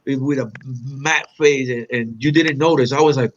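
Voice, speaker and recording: A man from Puerto Rico reminiscing in an interview, animated and acting out quoted lines with big pitch jumps. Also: normal speed, lo-fi sound, a little hiss or hum. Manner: animated storyteller, acts out quotes with sharp pitch jumps, non-native phrasing. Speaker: interview guest, black belt.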